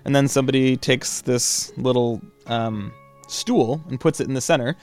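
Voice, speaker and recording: Guy telling a travel story, chatty and loose with lots of ums, mid pitch, faint guitar behind. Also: normal speed. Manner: casual and chatty, with many fillers. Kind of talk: personal travel story told aloud.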